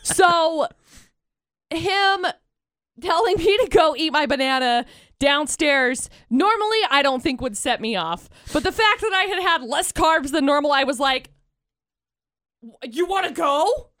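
A woman's voice: high-pitched, animated, a little slow, fairly bright tone, no room sound, studio quality. A young woman co-hosting a morning radio show, telling a story in casual banter and laughing as she goes. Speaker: radio co-host.

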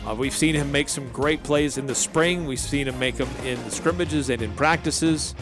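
A man hosting a sports radio show in a relaxed, chatty way, with plenty of fillers. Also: mid-range voice, moderate pace, music in the background. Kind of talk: casual sports radio chat.

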